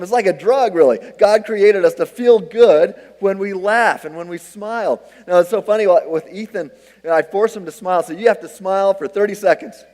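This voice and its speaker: Middle-aged male preacher, lively self-deprecating storyteller, somewhat high-pitched, recorded in a reverberant hall. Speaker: pastor. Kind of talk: sermon.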